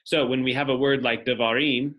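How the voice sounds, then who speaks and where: A teacher gives a step-by-step classroom lecture, explaining things and thinking aloud as he writes on a board. His voice is mid-range and fairly bright, steady in tone, and he moves briskly.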